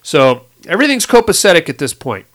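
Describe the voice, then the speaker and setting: A man chatting loosely about a movie, slipping into voices for each character as he retells the scenes. His voice sits a touch higher than most men's. The tone stays casual and crude throughout. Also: a little fast. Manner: animated retelling, acts out characters' lines in shifting voices. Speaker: podcast co-host recapping a movie. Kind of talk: casual profane chat.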